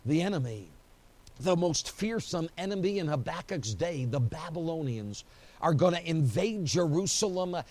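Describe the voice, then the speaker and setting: Animated pastor preaching a sermon, man. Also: a little high, normal speed. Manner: animated storytelling, acting out quotes, frequent "you know" fillers. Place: church during an evening service.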